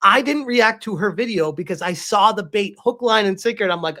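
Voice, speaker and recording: A man's voice: high-pitched, lively intonation, fairly quick, pushed and bright. A man giving casual, emphatic commentary as he reacts to a clip, laughing often.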